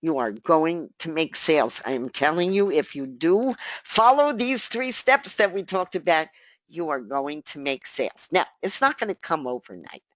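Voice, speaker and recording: A woman's voice: on the low side, big pitch swings, normal speed, fairly bright tone, dry recording. A woman presenting a live marketing webinar who repeats her key points and speaks straight to her listeners, while she is losing her voice. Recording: dull, dry lo-fi recording.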